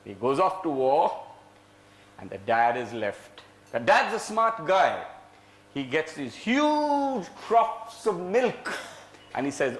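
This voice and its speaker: A man telling a folk tale to a live audience with dramatic flair, swinging between loud and soft and leading the listeners in acting it out. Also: mid-range voice, takes it slowly. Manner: dramatic, lively, shifts loud and soft, acts out lines; leads the audience in play. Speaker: storyteller. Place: indoor venue before a live audience. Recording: echoey room.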